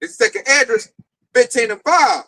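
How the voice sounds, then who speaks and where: A man leading an informal religious teaching at a camp, excitable and telling stories with quoted voices. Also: extremely high pitch, moderate pace, rough recording.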